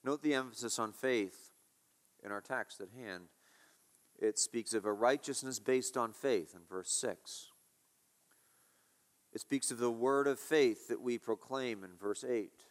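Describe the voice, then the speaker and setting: A man's voice: mid-range voice, a little slow, long pauses. A male pastor preaching a sermon, emphatic and repetitive, asking his listeners rhetorical questions.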